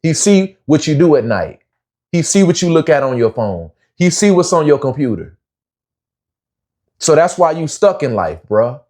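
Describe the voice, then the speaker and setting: Man, young adult, preachy, lecturing, fairly high-pitched. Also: sing-song, normal speed, warm tone. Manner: preachy, slangy, lecturing, says "bruh" often. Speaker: commentary vlogger. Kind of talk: opinionated commentary monologue.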